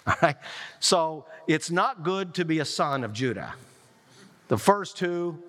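A man preaching a sermon, retelling a scripture story in a lively way with quoted lines. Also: sits high, unhurried. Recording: long reverb of a large hall.

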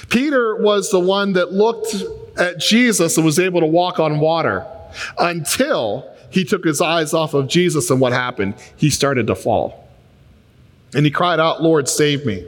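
A pastor delivers a sermon in a somewhat high voice, his words ringing with the long reverb of a large church hall. He tells stories animatedly, jumping between voices as he acts out little conversations. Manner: storytelling, plays both sides of conversations in quick voices. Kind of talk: sermon with acted-out dialogue.

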